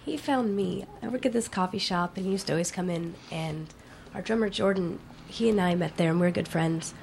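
A young woman, a band's keyboardist, chatting softly while losing her voice. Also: lowish voice, a little fast, vocal fry, slight background noise. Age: young adult. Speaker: band keyboardist. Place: radio studio.

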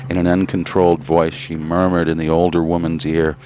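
Very deep-voiced male narrator. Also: little pitch movement, brisk, a little mellow. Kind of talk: literary audiobook reading.

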